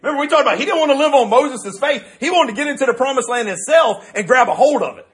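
A male pastor preaches in an animated, joking manner, often restarting his phrases. His voice is high for a man and his pace is quick. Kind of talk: sermon.

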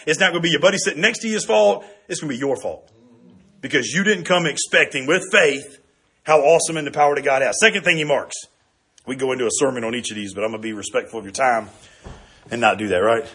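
A middle-aged man preaching a sermon as pastor, lively and conversational, often tossing in "right?" to the congregation. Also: high voice, husky.

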